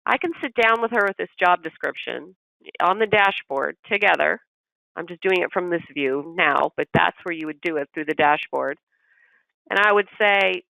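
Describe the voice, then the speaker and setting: A business systems trainer leads a recorded training session, explaining step by step through examples and acting out short bits of manager dialogue in quotes. The voice is medium-pitched at normal speed, with vocal fry and a sharp tone. The recording is low quality but has no echo.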